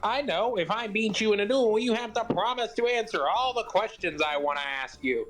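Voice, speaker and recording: A man's voice: high-pitched, lively intonation, moderate pace, fairly bright tone, soft background music. A man voicing an eager, inquisitive young woman journalist in glasses, in a raised put-on girl voice during a let's play fan dub. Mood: scheming. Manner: perky, inquisitive.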